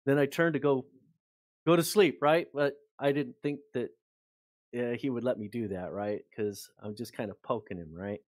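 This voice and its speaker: Man, mid-pitch, casual rambling storyteller, dry close mic. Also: normal speed, no echo. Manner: rambling, animated anecdote with many fillers. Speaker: guest author and researcher.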